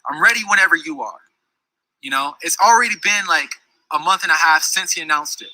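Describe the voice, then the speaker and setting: A man's voice: fairly high pitch, brisk, bright, forceful tone, no echo, poor audio. A man telling a long personal story in a casual, heated, rambling way, full of restarts and asides. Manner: heated, rambling, many restarts and "you know what I'm saying". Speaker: storyteller recounting a dispute.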